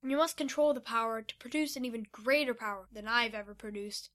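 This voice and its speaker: A woman voicing a calm, tired male mentor who teaches a young hero. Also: a little high, fairly quick, close to an everyday voice. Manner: calm and instructive.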